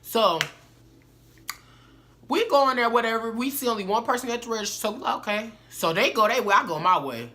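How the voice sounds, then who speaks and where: Animated young woman telling a story. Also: on the high side, brisk. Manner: animated, slangy, addresses viewers as y'all. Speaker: vlogger. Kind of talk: casual storytelling to camera.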